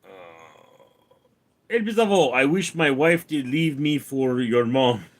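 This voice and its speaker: A man hosting a casual livestream, reading out viewers' names and comments and answering them, calling the names out louder and higher than his replies. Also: lively intonation, slow. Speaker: streamer reading viewer chat; actor.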